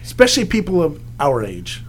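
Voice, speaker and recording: A man's voice: on the high side, huge pitch swings, a little fast, breathy edge. A middle-aged man from Los Angeles, a television writer telling easygoing stories as a podcast guest. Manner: easygoing storyteller, acts out quotes. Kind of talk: casual interview chat.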